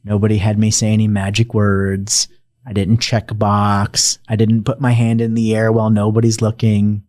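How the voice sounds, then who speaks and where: A man's voice: lowish voice, monotone, moderate pace, a little mellow, dry recording. A man speaking as a podcast guest, telling his personal story in a heartfelt, emotional and reflective way. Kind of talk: personal testimony in conversation.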